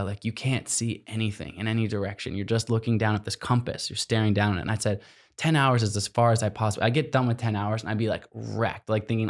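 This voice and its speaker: Animated man telling a story. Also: lowish voice. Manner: animated storyteller, acts out quotes, laughs often. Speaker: guest, explorer. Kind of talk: storytelling in a podcast interview.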